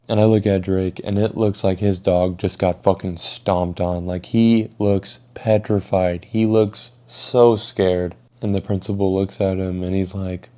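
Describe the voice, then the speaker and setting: Mellow-voiced young man telling a story. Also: sits low, normal speed. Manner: casual, swears a lot, animated retelling. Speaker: vlogger. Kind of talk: casual story time.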